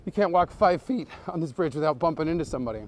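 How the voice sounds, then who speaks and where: A man giving a joking live-streamed walking tour outdoors at night, reeling off absurd fake facts in a deadpan way and greeting viewers as he strolls, recorded on a handheld phone. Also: a little high, fast, slight background noise. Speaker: comedy tour guide.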